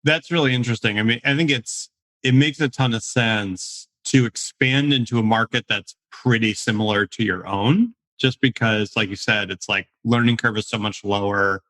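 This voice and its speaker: A man's voice: fairly low pitch, moderate pace, a bit bright. Loose, chatty male podcast host. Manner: loose, rambling questions full of fillers. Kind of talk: casual podcast interview.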